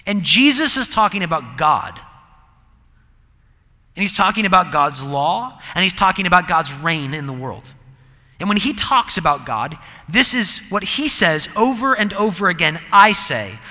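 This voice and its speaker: A man preaching a sermon, emphatic, moving between loud declarations and quiet asides. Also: high-pitched, sing-song, moderate pace. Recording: long reverb of a large hall.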